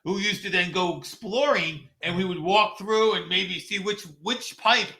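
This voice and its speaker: Rambling through casual podcast chat, this middle-aged co-host restarts sentences, leans on fillers, and laughs often. His high voice sounds pushed and bright, and he speaks a little slowly.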